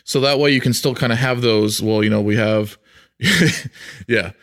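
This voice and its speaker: A man's voice: medium pitch, fairly even intonation. A man chatting casually on a podcast about running tabletop games, rambling with many fillers and often laughing. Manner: rambling, laughs often, slips into quick character voices. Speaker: podcast co-host. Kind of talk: casual chat about tabletop game mastering.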